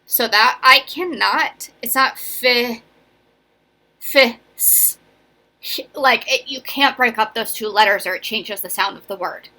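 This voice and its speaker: Young woman teacher, bright clear voice, chatty, keeps asking right? okay?. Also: fairly high pitch, normal speed. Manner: chatty and encouraging, often checking in with "right?" and "okay?". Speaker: elementary school teacher. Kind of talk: casual classroom video lesson.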